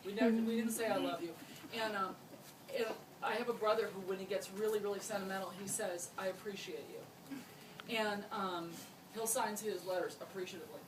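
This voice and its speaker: A woman's voice: medium pitch, steady tone, brisk. A woman gives a chatty, funny wedding toast and laughs often as she goes. She is heard from some distance in an echoey room. The room around her is noisy. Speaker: wedding speech giver, friend of the couple. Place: wedding reception.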